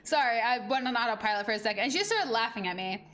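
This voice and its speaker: A woman's voice: a little high, lively intonation, fast talker, a bit bright. A young woman streaming a game and telling a rambling story in casual chat, full of "like" fillers. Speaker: gaming streamer. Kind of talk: casual chat over gameplay.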